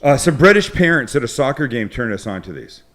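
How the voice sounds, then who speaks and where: A man's voice: medium pitch, very animated, fairly quick, fairly bright tone. A middle-aged man hosting a casual cooking chat, telling stories and swearing freely. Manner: chatty, swears, tells funny stories. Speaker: host.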